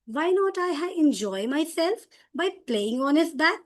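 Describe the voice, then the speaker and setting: A woman doing a squeaky little mouse. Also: big pitch swings, a little slow. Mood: sly. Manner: squeaky, pleading. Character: small frightened male mouse, mischievous.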